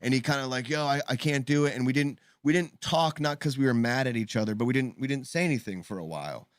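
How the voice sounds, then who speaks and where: A man co-hosting a live call-in show, telling a long story in casual chat, halting and restarting often. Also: medium pitch, no echo, studio quality. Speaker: podcast co-host.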